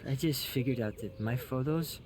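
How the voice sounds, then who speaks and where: A mopey young artist, as an actor plays him in a video game, low-key and self-doubting, mumbling his words. His middle-pitched voice has a faint hiss behind it. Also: moderate pace, darkish tone, lightly acted. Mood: dejected. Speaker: game character. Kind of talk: game dialogue.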